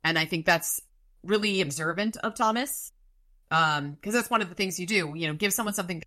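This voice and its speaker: A woman co-hosts a casual book-recap podcast, trading wry one-line quips and then taking over the retelling herself. Her voice sits low for a woman but has a bright, forward edge. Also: brisk. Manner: wry, dry one-line asides on the plot. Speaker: podcast co-host recapping a novel.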